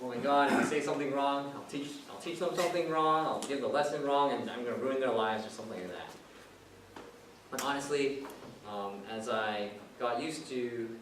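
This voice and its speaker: A man giving a chatty impromptu speech at a club meeting, telling a personal story. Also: lowish voice. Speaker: club speaker. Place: meeting room. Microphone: distant room mic. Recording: echoey room, far off, noisy.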